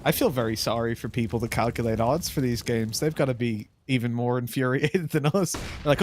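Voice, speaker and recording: A man's voice: medium pitch, brisk, few pauses, a little hiss or hum. A man doing color commentary as an esports co-caster, rambling through silly analogies.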